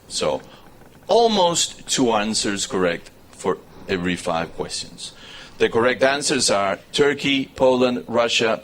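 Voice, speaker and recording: A male university lecturer with an Argentine Spanish accent, a native Spanish speaker, giving a live public lecture in English with animated storytelling and frequent restarts. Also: medium pitch, slight background noise.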